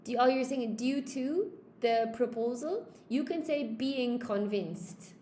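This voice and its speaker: A woman's voice: fairly high pitch, slow, warm tone, roomy sound, slight background noise. A woman with a Cork Irish accent teaching an English grammar lesson in a live stream, chatty, often checking in with "okay?" and greeting viewers by name. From Ireland.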